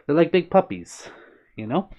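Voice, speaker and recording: A warm, slightly high, sing-song voice at normal speed belongs to a man hosting a live stream. He reads the chat and responds to viewers by name in a relaxed, upbeat way, over dull lo-fi stream audio.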